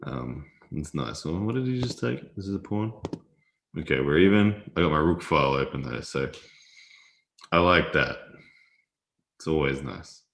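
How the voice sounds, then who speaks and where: A man with an extremely deep, low voice talks casually through a live stream, laughing easily and answering viewers as he plays chess. The room around him adds a noticeable echo. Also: animated, moderate pace, gravelly, long pauses, a bit bright, slight background noise. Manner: chatty, laughs often, reads viewer comments aloud. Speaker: livestream host. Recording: roomy echo.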